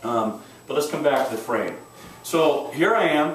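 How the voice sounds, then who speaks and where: A man's voice: medium pitch, lively intonation, moderate pace. A man teaching a self-defense class, speaking in an intense, emphatic and direct way. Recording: echoey room, mic far off, faint noise.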